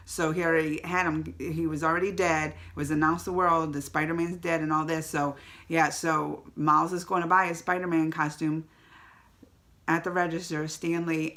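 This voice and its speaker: A woman giving a casual, emotional vlog movie review to the camera, chatty and quick to tear up or laugh. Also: deep voice, fairly bright tone.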